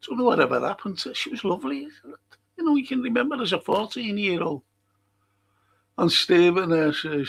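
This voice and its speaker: Gravelly, slightly high, and fairly bright, this older man's voice carries a Liverpool accent as he hosts a casual livestream chat. He reads out messages from viewers and tells stories, swearing and laughing along the way.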